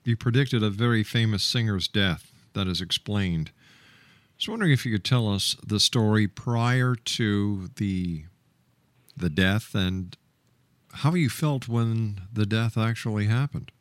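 Low-voiced man hosting an interview. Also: no echo. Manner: halting, with filler sounds while forming questions. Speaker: host, interviewer. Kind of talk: interview questions.

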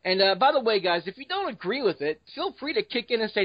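Guy hosting a podcast, kinda high voice, rambly, muffled dry mic. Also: very animated, fast talker, dry recording. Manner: rambling, loose, many fillers. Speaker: podcast host. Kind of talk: casual podcast chat.

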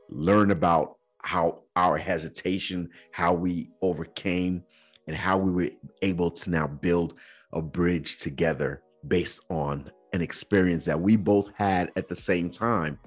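Podcast host, male, low husky voice, earnest storyteller with casual slang. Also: steady tone, measured pace, faint music behind. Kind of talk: personal storytelling.

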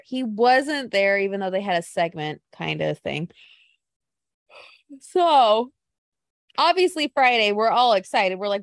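A woman co-hosting a casual podcast chat, telling stories in an animated, gushing way. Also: mid-range voice, dry recording, clean studio sound.

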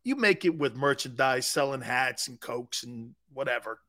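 A man's voice: medium pitch, animated, moderate pace, bright, forceful tone. A man hosting a live sports talk show, telling a long, rambling anecdote in a casual way.

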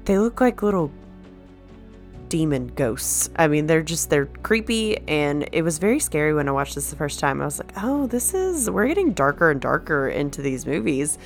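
A woman's voice: low voice, animated, soft background music. A woman giving a chatty, sarcastic recap of a movie, briefly acting out the characters' lines. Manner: chatty, sarcastic, quick quoted voices.

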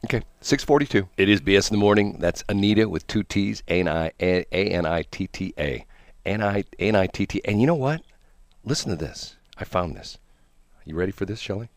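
A man hosting a morning radio show, joking and rambling in casual banter with halting repeats. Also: low-pitched, lively intonation, no room sound, studio quality. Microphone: studio mic.

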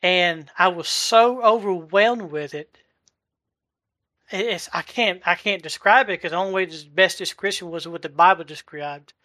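A man in his forties giving a heartfelt personal testimony, halting and searching for words as he goes. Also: sits high, bright, forceful tone, dry recording, clean studio sound. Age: 40s. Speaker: delivery driver sharing a testimony. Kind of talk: emotional personal testimony in a live chat.

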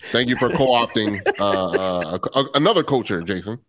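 A man who produces a podcast, joining the casual banter with dry, deadpan humor. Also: on the low side, moderate pace, a crowd in the background.

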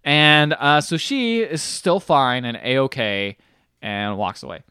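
A man co-hosting a podcast, casually retelling a movie plot in an animated way, often laughing and acting out the characters' lines. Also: medium pitch, slow, clean tone, no room sound, studio quality. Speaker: podcast co-host. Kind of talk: casual movie recap chat.

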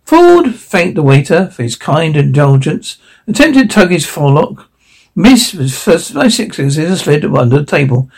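Animated man reading aloud, gravelly. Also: a little high, moderate pace. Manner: animated, often stumbling over words. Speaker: audiobook reader. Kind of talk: amateur audiobook narration.

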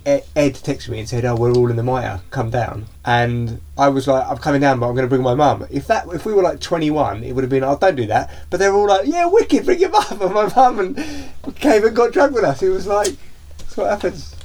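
A young man hosting a podcast, chatting casually and bantering with friends, quick to laugh. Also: medium pitch, a little mellow. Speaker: podcast host. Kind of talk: casual chat.

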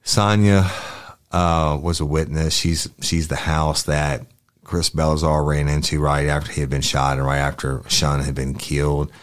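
A man, a police detective who reads an interview transcript aloud in a matter-of-fact, deadpan way. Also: rumbling low, moderate pace.

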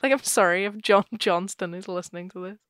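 Retelling a ghost story, this woman co-hosts a podcast in a casual, laugh-filled way. She speaks fairly quickly at a medium pitch, her tone clean and a bit bright, with no echo in the clean studio recording.

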